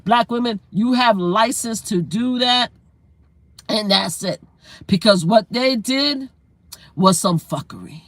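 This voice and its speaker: A woman's voice: fairly high pitch, slow, no echo. A woman live-streaming from inside her car, delivering a heated rant in a blunt, emphatic way and hammering her points with repetition.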